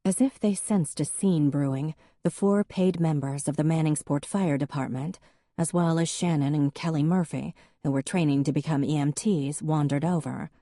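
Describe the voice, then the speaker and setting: A woman narrating an audiobook in a measured, steady way. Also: sits low, no room sound, studio quality. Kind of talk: scripted narration.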